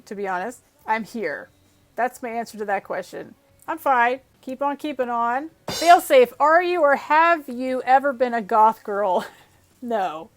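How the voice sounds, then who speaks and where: Chatty woman answering viewer questions. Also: fairly high pitch. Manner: chatty, self-deprecating, reads questions aloud then answers. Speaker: YouTube channel host answering viewer questions. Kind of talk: casual Q&A chat.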